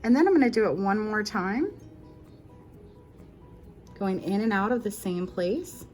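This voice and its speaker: A woman's voice: mid-range voice, lively intonation, unhurried, a little mellow, soft background music. A woman hosting a casual crochet tutorial, walking through each step in a chatty, reassuring way and correcting herself as she goes.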